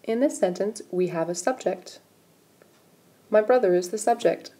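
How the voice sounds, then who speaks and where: A woman's voice: mid-range voice, moderate pace, warm tone, slightly rough. A woman teaching a recorded grammar lesson, patiently explaining step by step while pointing at examples on screen. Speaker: English writing teacher.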